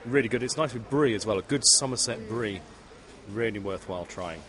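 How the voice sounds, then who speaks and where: A man pitching his food products at a stall, enthusiastic and persuasive. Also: fairly quick, fairly bright tone, a little hiss or hum.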